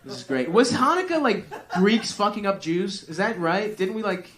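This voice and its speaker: A man's voice: high voice, sing-song, normal speed, a bit bright. A man doing stand-up on stage, rambling through profane, self-deprecating crowd work. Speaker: stand-up comedian. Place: comedy club stage. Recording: live comedy club with crowd noise.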